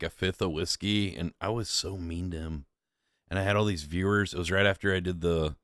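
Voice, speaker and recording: A laid-back man chatting over clips in a loose, rambling way, often poking fun at himself. His voice sits a little low. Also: a bit bright, smooth, no echo, clean studio sound. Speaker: streamer reacting to clips. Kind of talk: casual reaction commentary.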